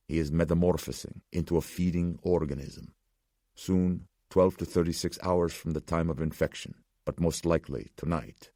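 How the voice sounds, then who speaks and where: A somber old survivor speaks in a measured, ominous tone, voiced by a man. The voice sits extremely low with a gravelly rasp. It is dry and close to the mic. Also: a little mellow, no room sound, exaggerated voice.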